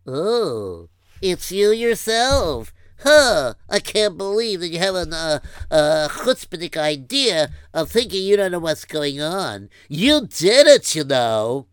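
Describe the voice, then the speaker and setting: A man plays a preachy, insistent man in a story drama who scolds and lectures. His voice is high and smooth, recorded dry and close. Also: big pitch swings, slow, no room sound. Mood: scolding. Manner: lecturing, reproachful.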